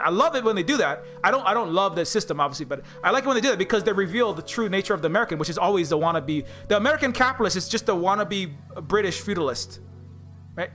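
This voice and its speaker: A man's voice: high-pitched, animated, racing, fairly bright tone, faint music behind. A man on a live stream, ranting sarcastically and mockingly, stumbling through many stammered restarts. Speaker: indie game developer streaming live. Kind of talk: rambling livestream rant.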